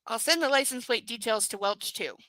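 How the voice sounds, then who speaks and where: A woman reading the lines of an eager male security technician on a phone, brisk and keen. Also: a little high, pushed and bright, no echo.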